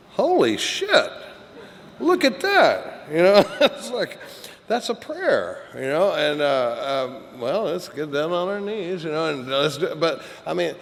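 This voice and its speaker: A middle-aged man giving a candid, joking, profane talk at a recovery meeting, rambling with many fillers. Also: mid-range voice. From Texas. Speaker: AA speaker. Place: meeting hall. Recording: echoey hall recording with faint hiss.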